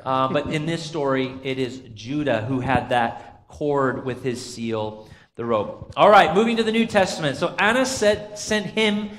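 A man's voice: fairly high pitch, fairly bright tone, slight background noise. A man preaching as pastor, running an interactive Bible trivia quiz with his congregation, chatty and full of fillers. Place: church sanctuary. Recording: long church reverb.

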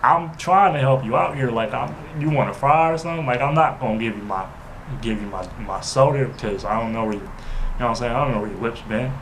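A man spins a casual storytime for his channel, circling back with "you know what I'm saying" and tripping over his words as he goes. His voice sits at a middling pitch, and a clear wash of background noise hangs behind him. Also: fast, fairly bright tone, rough recording. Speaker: vlogger.

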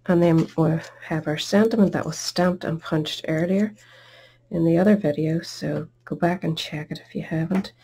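A woman's voice: deep voice, fairly even intonation, normal speed, dark tone, slight background noise. A middle-aged woman hosting a card-making tutorial, chatty and self-deprecating as she works at her craft table. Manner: chatty, self-deprecating, talks while working.

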